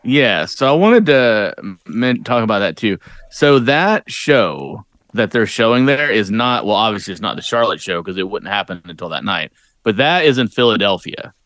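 A middle-aged man co-hosting a podcast, musing thoughtfully about old wrestling with halting fillers. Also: on the low side, sing-song, a bit bright, dry recording. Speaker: podcast co-host.

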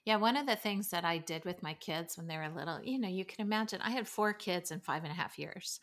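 A middle-aged woman, a podcast guest, telling family stories in a lively way and acting out her children's voices. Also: mid-range voice. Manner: animated storytelling, acts out her kids' voices. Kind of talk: casual podcast conversation.

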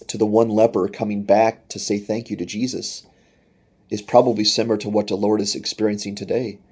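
A man's voice: lowish voice, warm tone, husky. A man preaching a sermon in an earnest manner, reading scripture and voicing quoted speech with rising intensity. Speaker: pastor.

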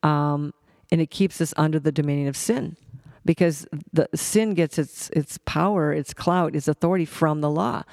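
A man with a gravelly, fry-edged voice teaches scripture conversationally, stumbling over words and circling back as he reads verses aloud. His voice sits a little on the high side for a man. The sound is dry and close, with no room echo. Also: a little mellow. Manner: halting, with many restarts and fillers. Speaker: Bible teacher.

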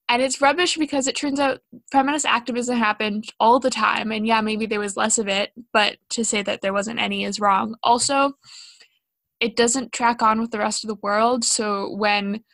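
A woman's voice: fairly high pitch, a bit bright, dry recording. Chatty young woman, dry close mic. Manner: chatty, self-deprecating, with frequent ums and likes. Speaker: podcast co-host. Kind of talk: casual educational chat.

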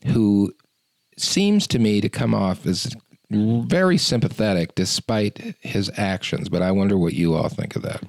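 A man with a very deep voice discussing a novel in a casual chat. The sound is dry and close, and he picks his words with care. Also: animated, measured pace, vocal fry, dry recording. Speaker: book club participant.

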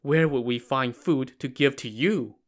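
A man's voice: medium pitch, a little slow, close to an everyday voice. Man doing weary starving old monks. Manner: pleading, weary.

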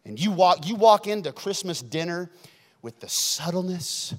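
A man preaching a sermon, swinging from loud emphatic lines to hushed ones. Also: sits high, lively intonation, normal speed. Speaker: pastor. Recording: long hall reverb.

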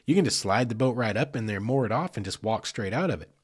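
A man hosting a podcast, telling a story in a folksy, animated way and acting out hollered exchanges. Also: mid-range voice, fast talker, husky. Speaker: podcast host, search and rescue team member.

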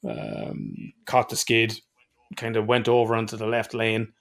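Irish man, deep-ish, gravelly, casual podcast chat, swears a lot. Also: sing-song, a little slow. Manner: swears freely, rambling storyteller. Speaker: podcast co-host.

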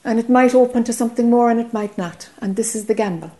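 A woman's voice: on the high side, quick pace, warm tone. A woman with an Irish accent giving a spiritual teaching talk to a group, earnest and often checking whether listeners follow.

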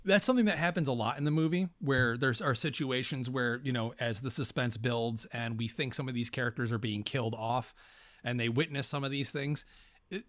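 A man's voice: medium pitch, fairly quick, no echo. A man co-hosting a casual horror movie podcast, rambling and swearing as he talks. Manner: profane, rambling, animated. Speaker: podcast co-host. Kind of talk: casual film discussion.

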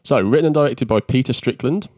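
A man's voice: medium pitch, quick pace, darkish tone, no echo. A man co-hosting a podcast in casual chat, laughing often and poking fun at himself, a bit coughy from an allergy. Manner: laughs often, self-mocking banter. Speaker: podcast co-host. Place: living room. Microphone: podcast mic.

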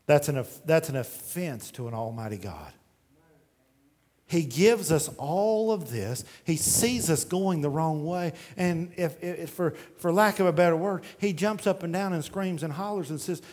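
A man preaching a sermon, swinging from shouted pleas to hushed intensity and reading scripture aloud in old-fashioned phrasing. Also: a little high, expressive, unhurried. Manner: reads scripture aloud in King James phrasing.

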